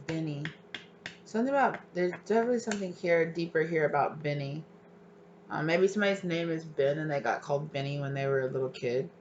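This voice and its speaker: A tarot reader giving a casual pick-a-card reading, rambling with lots of filler likes and sudden excited bursts. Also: medium pitch, quick pace, lo-fi sound, a little hiss or hum.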